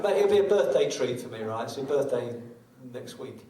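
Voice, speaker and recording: A man's voice: mid-range voice, expressive, fairly quick, far from the mic, over a noisy crowd, very noisy. A middle-aged man, a guitarist, chatting wryly between songs at a live show, telling self-mocking stories. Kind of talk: on-stage patter between songs. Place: small concert venue on stage. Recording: echoey venue from afar with guitar.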